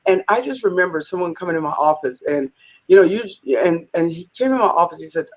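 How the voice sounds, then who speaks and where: A woman guest in a conversational interview, telling a story in an animated way and acting out the quotes. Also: fairly low pitch, fast. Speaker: business leader, interview guest.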